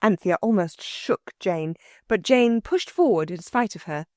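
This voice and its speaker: Expressive woman reading aloud. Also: medium pitch, measured pace, no room sound, clean studio sound. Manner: expressive, storytelling. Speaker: audiobook narrator. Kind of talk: scripted narration.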